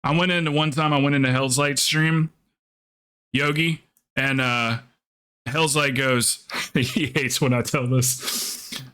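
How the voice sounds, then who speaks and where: A man's voice: medium pitch, fairly even intonation, slow pace, pauses often, sharp tone, smooth. Male game streamer, mid-range voice, casual chatter full of jokes and swearing. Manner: rambling, joking, swears freely. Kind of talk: casual live-stream chat.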